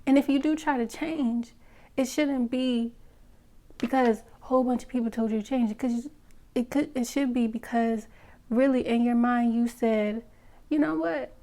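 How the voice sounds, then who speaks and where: A woman's voice: a little high, steady tone, moderate pace, warm tone. Frank, emphatic woman vlogger. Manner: frank, emphatic, addresses viewers with frequent "okay?" and "you know?". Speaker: vlogger giving relationship advice. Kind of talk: direct-to-camera opinion talk.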